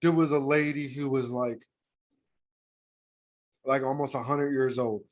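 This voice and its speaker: A man's voice: medium pitch, fairly even intonation, a little slow. A man with an American accent, co-hosting a podcast and telling a heartfelt work story in casual, slangy chat. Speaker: podcast co-host.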